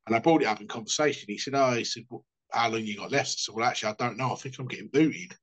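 A man's voice: medium pitch, rapid-fire. A man telling sweary, jokey anecdotes in a casual chat. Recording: dull lo-fi sound.

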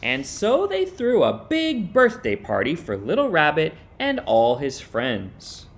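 A man reading a children's story aloud with an expressive delivery. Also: fairly high pitch. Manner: expressive, unhurried. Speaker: reader.

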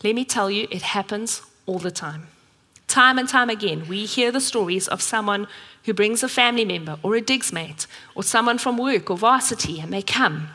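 A South African woman preaches a sermon in a church, earnest and story-driven, slipping into voices for the people she describes. Her voice is bright and forward, at an everyday pitch. The sound carries a long reverb from the hall. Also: animated, normal speed.

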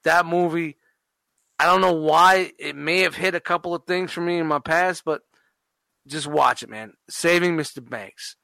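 Profane, rambling podcast host. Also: male voice, a little high, normal speed, vocal fry, pushed and bright, no echo. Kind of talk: casual podcast chat.

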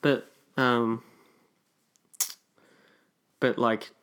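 A man's voice: mid-range voice, little pitch movement, very slow, a bit bright, clear, resonant tone. A young man chatting casually and joking while watching a film.

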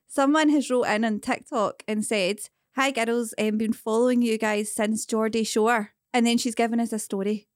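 A giggly woman in her thirties speaks with a slightly raised pitch at a close podcast mic. She talks bluntly and swears freely. The recording is dry and close. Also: steady tone, normal speed, few pauses, no echo. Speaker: podcast co-host. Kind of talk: casual chat.

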